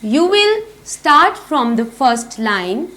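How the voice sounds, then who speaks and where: A woman's voice: high-pitched, very animated, bright, forceful tone. A woman teaching children a phonics lesson, asking questions and answering them herself, with much repetition. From Pakistan. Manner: slow, repetitive, asks and answers own questions.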